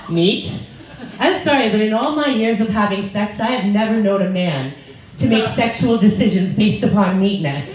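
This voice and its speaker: An American woman in her thirties performs a bawdy, conversational stand-up set in a comedy club, acting out the voices of people in her stories. Her voice is medium-pitched at a normal speed. The club room echoes with audience laughter.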